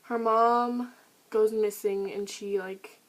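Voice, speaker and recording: This teenage book vlogger speaks slowly in a steady, higher-pitched voice, enthusiastically chatting about her favorite reads with plenty of filler words. Her casual review vlog was recorded on a camera mic, and the audio is poor.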